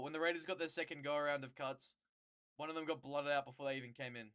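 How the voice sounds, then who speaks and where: A streamer chatting casually with viewers, rambling and swearing, quickly getting worked up and loud. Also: medium pitch, steady tone, no room sound, studio quality. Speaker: streamer answering chat.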